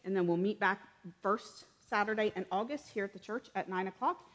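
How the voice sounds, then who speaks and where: A woman's voice: medium pitch, a little fast, a bit bright. A woman with a mid-range voice leads a church's announcements and prayer. She speaks in a chatty, encouraging way and drops in frequent amens. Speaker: church leader.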